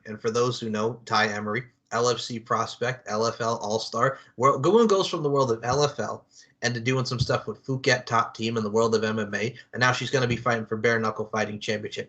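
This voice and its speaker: A man hosting a casual podcast chat, rattling along at a quick clip. His talk is slangy and excitable, full of little fillers and asides. His voice sits at a middling pitch. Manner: slangy and excitable, peppered with "man" and "you know what I'm saying". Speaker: podcast host.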